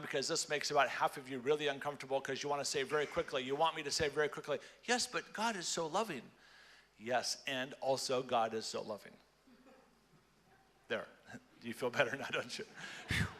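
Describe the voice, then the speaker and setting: Male speaker preaching at a conference, somewhat high and very bright voice, animated and playful, hammering phrases home. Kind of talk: lively conference sermon.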